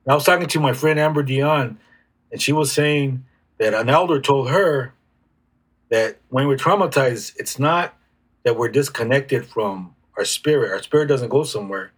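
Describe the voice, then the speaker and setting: A man speaking as an interview guest, reflective and halting, with frequent restarts. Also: medium pitch, slightly rough. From United States. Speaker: guest healer. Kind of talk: casual conversational interview.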